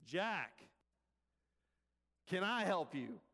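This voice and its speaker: A man voicing a calm, patient God speaking from nowhere, unhurried and steady. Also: high voice, big-room sound, full character voice.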